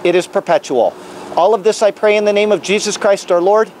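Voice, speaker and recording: A man with a high voice preaches in the open air as a traveling minister. He reads prayers and scripture earnestly and solemnly. Faint background noise is heard outdoors. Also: a little fast, a little mellow. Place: outdoors on capitol grounds.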